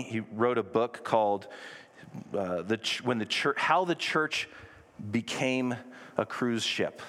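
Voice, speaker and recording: A man's voice: medium pitch, fairly bright tone. A man preaching a conversational sermon to a congregation, with self-deprecating asides. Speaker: pastor. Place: church sanctuary. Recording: long reverb of a large hall.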